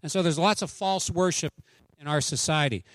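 A man's voice: fairly high pitch, normal speed, fairly bright tone, no echo. A male pastor giving a casual, joking sermon with anecdotes and a prayer. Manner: chatty, joking, conversational.

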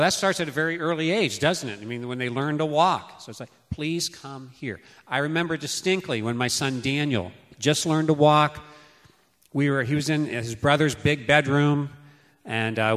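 A man in his fifties giving a sermon on parenting, telling family stories and acting out how he called his children. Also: mid-range voice. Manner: storytelling, acts out calls to his children loudly. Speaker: preacher. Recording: long hall reverb.

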